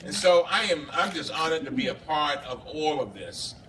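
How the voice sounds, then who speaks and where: A man, a congressman, giving an impassioned speech at a bar reception, halting and repeating himself, recorded from a distance. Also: fairly high pitch, sing-song, fairly bright tone. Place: bar reception room, indoors. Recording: distant camera with faint background noise.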